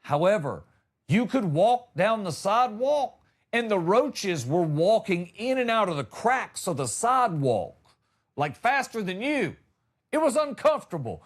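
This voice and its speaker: A man's voice: high-pitched, a little slow. A man from Georgia, telling comic stories on a podcast and acting out the people in them. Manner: animated, drawling, acts out voices. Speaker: comedian host. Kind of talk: comedic storytelling.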